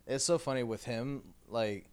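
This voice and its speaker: A man's voice: medium pitch, normal speed, smooth. A young man co-hosting a podcast, chatting in a laid-back, agreeable way. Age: young adult. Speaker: podcast co-host. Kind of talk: casual chat.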